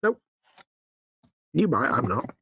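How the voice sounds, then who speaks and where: A man's voice: mid-range voice, sing-song, takes it slowly, gravelly, a bit bright, a little hiss or hum. A middle-aged man co-hosting a live hobby stream, teasing his partner and reading out viewer comments. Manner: teasing, jokey. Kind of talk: casual banter.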